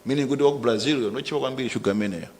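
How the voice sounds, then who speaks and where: Brief: middle-aged Malawian man, defiant government minister at a briefing, mid-pitched voice, long hall reverb. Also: fast, darkish tone. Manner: emphatic, defiant, mixes local language into English. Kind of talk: press briefing statement.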